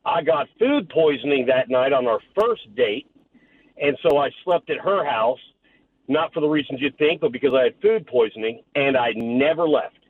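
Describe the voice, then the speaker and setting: A man's voice: medium pitch, lively intonation, normal speed. Wry male caller on a muffled line. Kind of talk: telling a story on a phone call. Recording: dull lo-fi line with faint noise.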